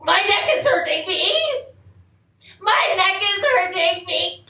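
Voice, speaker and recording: An actress playing a brave, cheerful middle-aged woman trapped in a mound, on a live theatre stage, swinging between loud outbursts and hushed whispers. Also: high voice, very animated, takes it slowly, full character voice. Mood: musing. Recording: echoey live theatre recording.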